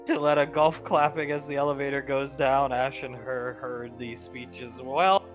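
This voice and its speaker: A man's voice: mid-range voice, unhurried. A man narrating a tabletop game as game master, with faint music behind. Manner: descriptive, steady narration.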